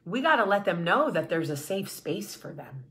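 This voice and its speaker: A woman's voice: lowish voice, sing-song, moderate pace, fairly bright tone. A woman hosting her vlog, giving an impassioned, blunt monologue with swearing and repeated rallying phrases. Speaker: vlog host.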